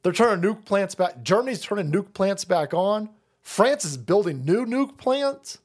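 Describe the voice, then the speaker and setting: A man's voice: sits high, animated, a little slow. A man hosting a stream, delivering a profane, sarcastic rant of political commentary. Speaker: streamer host.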